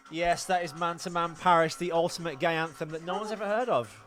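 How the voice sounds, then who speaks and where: A man's voice: fairly high pitch, brisk, a bit bright, faint music behind. Chatty joking male podcast host. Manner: chatty, joking, rambling with restarts. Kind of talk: casual podcast chat. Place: studio with a sound desk. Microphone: professional studio mic.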